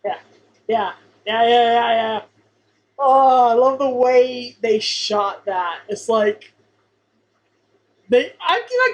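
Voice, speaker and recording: Bright-voiced woman, playful podcast co-host. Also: on the high side, expressive, rough recording. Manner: quick to agree and laugh, playful commentary. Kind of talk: casual chat reviewing a sitcom episode.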